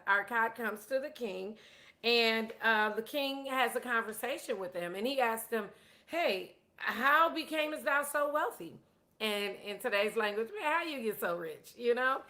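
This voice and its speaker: A woman's voice: fairly high pitch, bright, forceful tone. A woman giving a casual storytelling lesson on money, chatty and self-deprecating, often repeating words. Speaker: teacher of a personal finance course.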